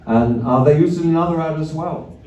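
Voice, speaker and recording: Mellow older man telling stage stories. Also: a little high, a little fast, muffled recording. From Australia. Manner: rambling, wry anecdotes with swearing and chuckles. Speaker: musician on stage. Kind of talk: stage banter between songs. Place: arts centre concert hall. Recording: echoey venue from a distant mic.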